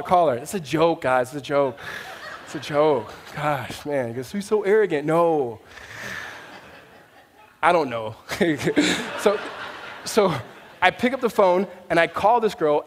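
Pastor preaching in an echoing hall. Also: male voice, on the high side. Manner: conversational, with fillers and restarts; rising to an emphatic, raised voice. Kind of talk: sermon.

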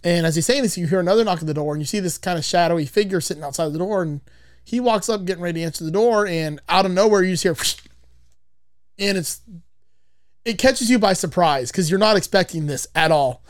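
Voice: medium pitch, quick pace, no room sound. A podcast host casually retelling a movie's plot, rambling with frequent swearing.

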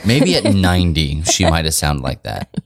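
A man in his thirties with a very deep voice that still swings lively up and down as he jokes. He co-hosts a casual chat, telling playful stories in a dry, close recording. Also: normal speed, vocal fry, dry recording. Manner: joking, playful storyteller. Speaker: podcast co-host.

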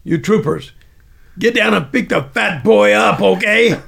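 An older man voicing a loud, mocking male drill sergeant in a spoken war story. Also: high-pitched, measured pace, vocal fry, husky, voice pushed up, full character voice. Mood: barking mockery. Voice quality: barking, mocking.

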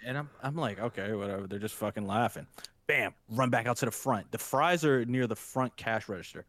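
A young man hosting a podcast, telling a crude story in a casual, profane, animated way and acting out the scene. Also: mid-range voice, brisk, no echo. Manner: animated storyteller, acts out the scene, laughs hard. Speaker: podcast host.

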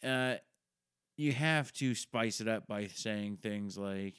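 A man's voice: fairly low pitch, slow pace, a bit bright, clear, resonant tone, no room sound, studio quality. Rambling, swearing man hosting a podcast. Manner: rambling, self-mocking, swears a lot. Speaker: podcast host. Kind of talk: casual podcast intro monologue.

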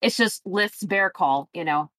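A woman's voice: medium pitch, unhurried, a bit bright, no echo. A woman guiding a tabletop game in loose, casual chat, drifting through her thoughts with frequent ums and uhs. Her voice sits mid-range and sounds close and dry. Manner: rambling, many fillers. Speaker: game master.

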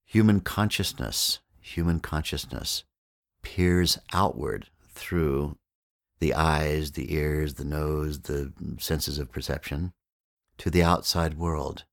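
A male podcast host tells a story and then unpacks its lesson, speaking in a measured, explanatory manner. His voice is exceptionally deep, and the recording is dry and close with no room sound. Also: steady tone, vocal fry, no room sound. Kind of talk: storytelling narration with teaching.

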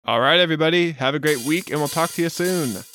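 A man's voice: fairly high pitch, quick pace, a bit bright, soft background music. A man co-hosting a movie review podcast, joking in casual chat and reading the show's outro. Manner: playful, reads show outro plainly. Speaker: podcast co-host.

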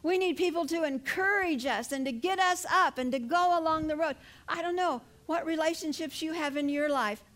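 Older lady pastor preaching, high voice, earnest and fervent. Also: normal speed, hardly any pauses, a bit bright. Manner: earnest, rising to fervent emphasis. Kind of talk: sermon.

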